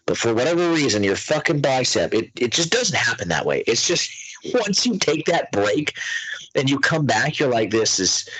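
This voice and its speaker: A man's voice: mid-range voice, sing-song, moderate pace, fairly bright tone, husky, no echo, poor audio. A man hosting a podcast, talking in a crude, mocking, profane casual chat. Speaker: podcast host.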